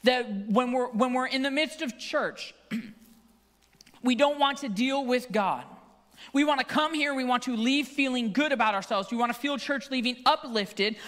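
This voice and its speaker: Guy preaching in church, lively storyteller, big echoey hall. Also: extremely high pitch. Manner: animated storytelling, acts out quotes. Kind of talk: sermon. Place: church sanctuary. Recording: long hall reverb.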